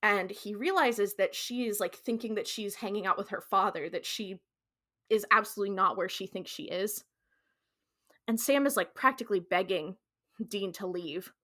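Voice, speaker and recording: A woman co-hosting a podcast, retelling a TV episode in a casual, animated way, full of "like" fillers and slipping into quoted lines. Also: mid-range voice, moderate pace. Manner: animated storyteller, slips into quoted character voices; frequent "like" fillers, casual swearing. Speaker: podcast co-host.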